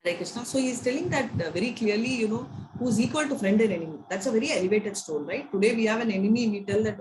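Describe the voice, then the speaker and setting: Talking quickly with hardly any pauses, this mid-range female voice carries an Indian English accent as she leads a scripture class at a temple, weaving in stories and frequent tags like "you know" and "right?" Faint noise and echo fill the room.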